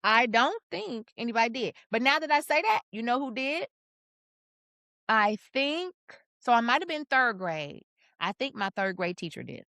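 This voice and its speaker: A woman co-hosting a podcast, telling personal stories in a casual, animated way with sudden pitch jumps for emphasis. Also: moderate pace, gravelly, no echo, studio quality. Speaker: podcast co-host. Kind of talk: casual conversational storytelling.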